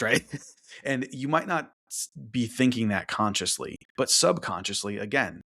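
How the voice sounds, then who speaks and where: A man hosting a relationship podcast who talks through his point in a casual monologue, tags many sentences with "right?", and acts out other people's thoughts. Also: a bit bright. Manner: conversational, keeps adding "right?"; acts out quoted thoughts in a higher voice.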